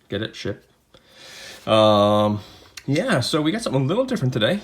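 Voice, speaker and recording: A man's voice: medium pitch, sing-song, moderate pace. A man hosting a casual unboxing video, chatting in a rambling way with jokey asides from a home room with a desk camera. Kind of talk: casual unboxing and beer tasting chat.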